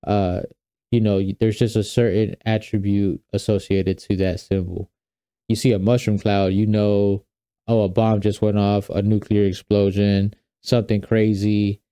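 A man's voice: fairly low pitch, level tone, unhurried, mellow, clean tone, no echo. A young man hosting his own podcast, talking casually and rambling with fillers and restarts. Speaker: podcast host. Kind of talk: casual solo podcast talk.

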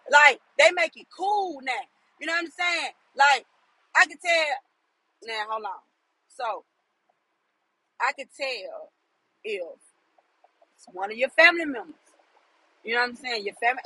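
A man giving a casual, profane opinion rant, often shouting for emphasis and asking "you know what I'm saying". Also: very high-pitched, no room sound, low-quality recording. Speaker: commentator.

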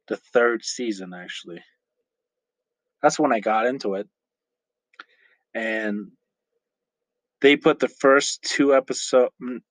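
Recorded roughly on a phone with no room sound, this podcast host talks solo in a loose, wandering way. His voice is medium in pitch, and he swears freely and laughs often.

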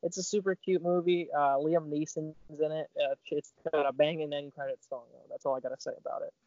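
A man's voice: on the high side, fairly even intonation, brisk, darkish tone, dry recording. Playful young man on a dull podcast mic. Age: 20s. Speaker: podcast co-host. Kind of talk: casual chat.

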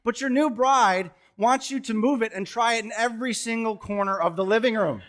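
A man preaching a sermon on a church stage, telling stories with jokes and sudden loud bursts. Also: very high voice, fairly quick. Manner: animated, joking storyteller with sudden loud bursts. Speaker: pastor. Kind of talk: sermon with storytelling. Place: church stage before a congregation.

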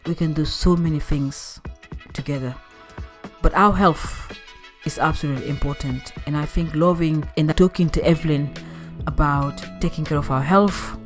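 A woman's voice: sits low, steady tone, normal speed, soft background music. A woman hosting a podcast interview, effusive and encouraging, full of praise for her guest. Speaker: podcast host.

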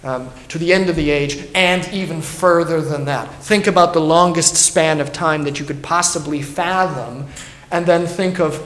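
A man's voice: on the high side, normal speed, fairly bright tone. A man, a pastor, teaching a Bible study in an earnest, emphatic way and thinking aloud as he goes. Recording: roomy echo.

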